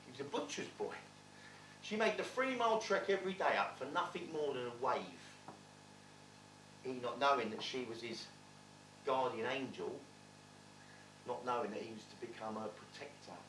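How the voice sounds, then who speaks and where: A man performing a stage monologue, playing a streetwise man telling his rough childhood with blunt, swearing wit. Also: mid-range voice, expressive, normal speed, pauses often, fairly bright tone, a little hiss or hum, lightly acted. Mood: wry. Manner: wry, blunt, swearing storyteller. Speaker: stage actor in a one-man play. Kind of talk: theatrical monologue storytelling. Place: theatre stage. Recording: roomy theatre, distant mic.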